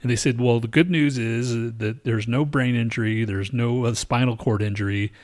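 A man's voice: mid-range voice, fairly even intonation, moderate pace, darkish tone. Man, casual storyteller, rambling and profane, mid-range voice. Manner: rambling, profane, with frequent restarts and fillers. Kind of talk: casual chat.

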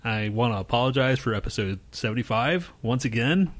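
A man's voice: medium pitch, animated, fairly quick. A man co-hosting a podcast, rambling through crude casual banter, swearing freely and laughing often. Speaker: podcast co-host.

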